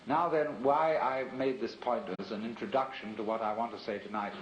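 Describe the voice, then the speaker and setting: A man's voice: mid-range voice, fairly even intonation, a little hiss or hum. Reflective man lecturing on old tape. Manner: measured, reflective, rhetorical. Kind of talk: philosophical lecture. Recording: roomy, dull archival lecture tape.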